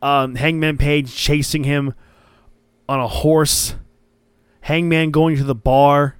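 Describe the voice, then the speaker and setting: Smooth-voiced enthusiastic male podcast host. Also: a little high, little pitch movement, slow pace, no room sound, clean studio sound. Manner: enthusiastic, rambling play-by-play recap. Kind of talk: casual chat.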